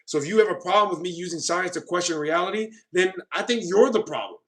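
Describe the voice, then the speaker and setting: A man's voice: sits high, animated, quick pace, fairly bright tone. A man reading viewer comments on a live stream, arguing with commenters in a defensive, lecturing way and often asking if they know what he means. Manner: repeats "you know what I mean".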